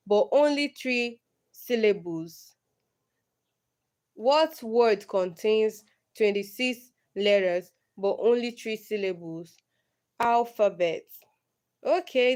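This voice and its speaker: A young woman hosting a casual livestream, slowly reading riddles aloud and answering them herself. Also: mid-range voice. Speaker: livestream host.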